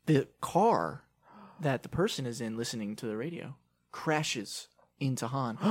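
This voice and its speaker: A man's voice: mid-range voice, measured pace. Playful male podcast co-host. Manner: playful, animated storytelling. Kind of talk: casual chat recapping movies.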